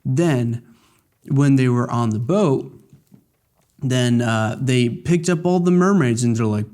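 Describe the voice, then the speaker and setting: A man's voice: mid-range voice, slow pace, darkish tone. A man giving casual gameplay commentary, recapping the story in a rambling, jokey way full of fillers. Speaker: let's play gamer.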